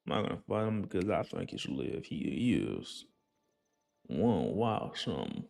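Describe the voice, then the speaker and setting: Deep gravelly young man playing a game. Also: very animated, normal speed, a little mellow, soft background music. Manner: rambling, jokey, slips into a put-on folksy accent. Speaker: gaming channel host. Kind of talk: casual gameplay commentary.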